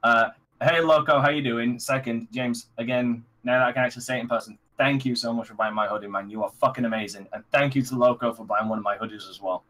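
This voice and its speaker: A man's voice: mid-range voice, steady tone, quick pace, fairly bright tone. A man joining a livestream as a guest, chatting in a crude, joking way with frequent stumbling restarts. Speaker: stream guest. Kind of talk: casual livestream chat.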